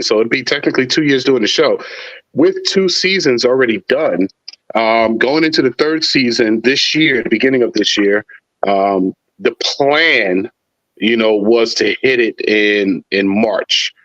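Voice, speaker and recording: A man's voice: mid-range voice, normal speed. Man, podcast guest, casual slangy talk, a bit lo-fi on a call. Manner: relaxed, slangy, enthusiastic. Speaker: podcast guest, trivia show creator. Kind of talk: casual chat.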